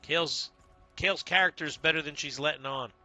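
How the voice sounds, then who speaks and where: A man's voice: a little high, fairly quick, sharp tone, soft background music. A man streaming a video game, chatting casually and greeting viewers by name. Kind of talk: casual livestream chat while playing.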